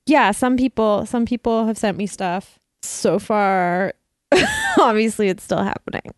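A woman's voice: mid-range voice, wildly swooping pitch, unhurried, no echo, clean studio sound. A woman hosting a podcast, telling a story in a chatty, self-mocking way and laughing often. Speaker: podcast host. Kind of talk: casual chat.

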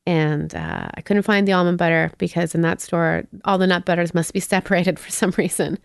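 A woman's voice: fairly low pitch, fairly quick, creaky, clear, resonant tone, dry recording, clean studio sound. A woman from Canada telling a story in casual chat, acting out the people she quotes. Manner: storytelling, animated quoted voices, swears casually.

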